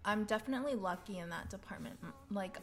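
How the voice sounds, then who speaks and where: A woman's voice: mid-range voice, quick pace, faint music behind. A young woman co-hosting a casual podcast chat, drawling along with frequent fillers and laughter. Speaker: podcast co-host.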